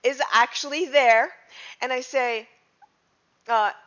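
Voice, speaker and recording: A woman's voice: sits high, fairly even intonation, takes it slowly, a bit bright. A woman playing a tabletop game, chatty and often correcting herself. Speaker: player. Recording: dull lo-fi audio.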